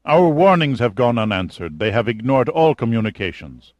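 A man's voice: medium pitch, very animated, normal speed, a little mellow, dry recording, lo-fi sound, lightly acted. A man voicing a nervous, apologetic middle-aged intelligence colonel in an audiobook reading. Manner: anxious, apologetic, eager to please.

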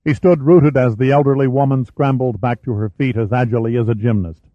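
Male narrator, mid-pitched, steady thriller read, close dry booth. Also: a little fast, dry recording. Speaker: audiobook narrator. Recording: dry, slightly muffled studio recording.

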